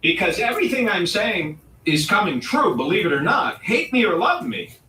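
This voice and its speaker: Bright-voiced man ranting in an echoey room. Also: high-pitched, very animated. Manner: provocative, mock-serious ranting with dramatic pauses. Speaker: comedy show host. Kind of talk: comedic rant. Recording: roomy echo, distant mic.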